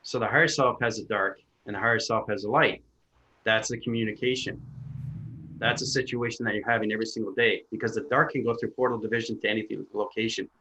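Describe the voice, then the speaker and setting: A man's voice: fairly low pitch, steady tone, quick pace, bright, forceful tone, rough recording. Man, insistent healer explaining at length, jargon-heavy, lecturing tone. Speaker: spiritual healer answering questions. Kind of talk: lecturing in a casual chat.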